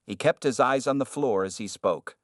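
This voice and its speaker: A man narrating a scripted story in a steady, even delivery. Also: mid-range voice, normal speed, dry recording, studio quality.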